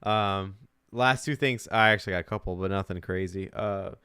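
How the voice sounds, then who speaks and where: A man with a low, smooth, resonant voice co-hosts a casual sports podcast. He talks loosely and swears freely, and the sound is dry and close. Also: moderate pace, bright, forceful tone, no room sound. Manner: loose, profane, laughs often. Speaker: podcast co-host.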